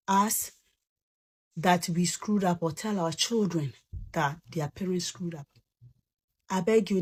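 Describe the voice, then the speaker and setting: Slow, husky pleading woman. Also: mid-range voice, darkish tone. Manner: pleading, deliberate. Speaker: parent. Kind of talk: impassioned appeal.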